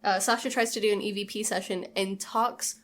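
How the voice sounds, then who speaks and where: A woman co-hosts a casual podcast and walks through a film scene by scene. She talks in an animated, chatty way, swears freely and acts out lines as she goes. Her voice sits in an ordinary middle range. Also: mid-range voice, a little fast. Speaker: podcast co-host. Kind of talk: casual film recap chat.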